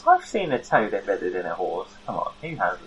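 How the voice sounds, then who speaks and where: A man's voice: low-pitched, big pitch swings, brisk, highs cut off, a crowd in the background. A man playing in a tabletop game, brash and jokey. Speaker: player.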